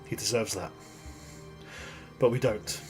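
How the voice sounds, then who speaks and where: A man voicing a stern, grim male warden soldier who speaks in low, quiet, clipped commands over faint music. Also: measured pace, natural voice.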